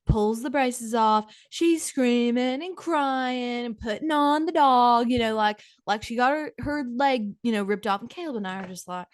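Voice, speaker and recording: A woman's voice: on the high side, moderate pace, dry recording, studio quality. A middle-aged woman hosting a comedy podcast, telling a dramatic, gossipy story to her co-host.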